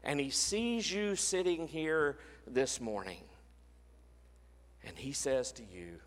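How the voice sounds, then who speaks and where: A man preaching a sermon as a pastor and leading a closing prayer, earnest and often dropping to a soft hush. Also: mid-range voice, animated, slow, long reverb tail. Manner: earnest, drops to a soft hush on quoted words. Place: church sanctuary.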